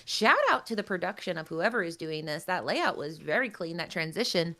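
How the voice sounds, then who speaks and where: A woman's voice: lowish voice, expressive, fairly quick, few pauses, sharp tone. A woman co-commentating a live card game tournament in a playful, bubbly, joking way. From United States.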